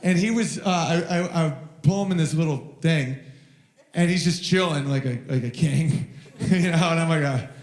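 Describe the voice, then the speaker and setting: Guy doing standup, rambly storytelling, slightly high voice, echoey club sound. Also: moderate pace. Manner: rambling storytelling, mimics his toddler in high shouts. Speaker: stand-up comedian. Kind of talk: stand-up comedy set. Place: live venue with audience. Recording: roomy live venue sound.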